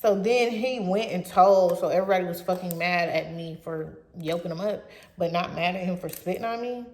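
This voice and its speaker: A woman's voice: on the low side, moderate pace. Blunt, profane young woman, roomy sound. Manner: profane, blunt, animated retelling. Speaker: vlogger. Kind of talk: casual storytime. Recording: roomy echo.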